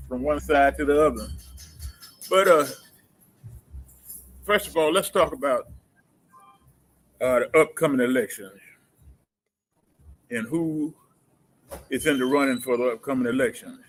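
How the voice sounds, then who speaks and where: A man's voice: medium pitch, a little slow, pauses often, fairly bright tone, soft background music, poor audio. A man hosting a community livestream talk show, speaking hesitantly with many fillers and laughing easily. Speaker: host.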